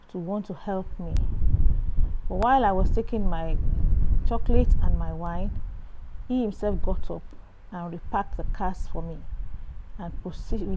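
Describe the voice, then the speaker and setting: A middle-aged woman with a Nigerian accent, sharing a personal Christian testimony in an earnest storytelling way with animated exclamations. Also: mid-range voice, slight background noise, rough recording.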